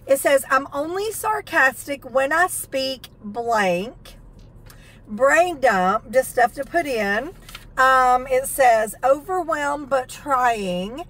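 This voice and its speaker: A high-pitched woman with a drawl talks through her shopping haul. She is chatty and excitable, gushing over what she bought and reading the labels aloud as she goes. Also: slow pace. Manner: chatty, enthusiastic, reads product text aloud. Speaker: haul vlogger. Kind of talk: casual haul video chat.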